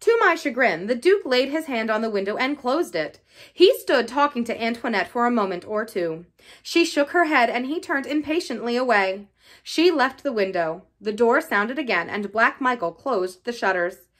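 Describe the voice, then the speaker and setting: A woman reading a novel aloud in an expressive, lively style. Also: on the high side, normal speed. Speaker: reader.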